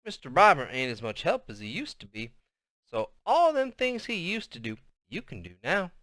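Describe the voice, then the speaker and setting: A man voicing an elderly grandmother with a Southern US accent, loud, bossy and doting, speaking in a high, drawling voice. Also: wildly swooping pitch, moderate pace, no room sound, clean studio sound.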